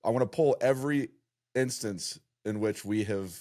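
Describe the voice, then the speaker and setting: Guy co-hosting a podcast, kinda low voice, rambles and restarts a lot. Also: moderate pace, dark tone. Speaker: podcast co-host. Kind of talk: casual chat.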